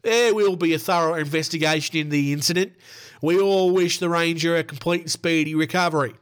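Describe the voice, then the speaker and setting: A man with an Australian accent voicing a plain-spoken male wildlife sanctuary owner, reading a statement slowly and mock-formally. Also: fairly high pitch, steady tone, smooth, close to an everyday voice. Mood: deliberate.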